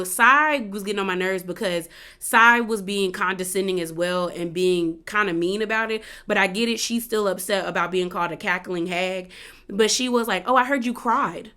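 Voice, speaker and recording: A woman giving a casual, opinionated recap of a reality show, often acting out what the cast said. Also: medium pitch. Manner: chatty, opinionated, quotes others in animated asides. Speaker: recap commentator.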